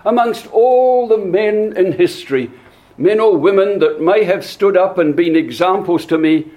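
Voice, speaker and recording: A man preaching a sermon, slow and deliberate, often repeating words as he searches for the next one. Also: high-pitched, dark tone.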